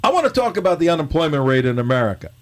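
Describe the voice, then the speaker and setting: A man's voice: on the high side, sing-song, very fast. Guy reading as a baffled comic sidekick, voice jumping all over, keeps asking wait a minute. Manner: bewildered, pressing questions. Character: confused, indignant male comedian straight out of a double act. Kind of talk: reading a comedy sketch script.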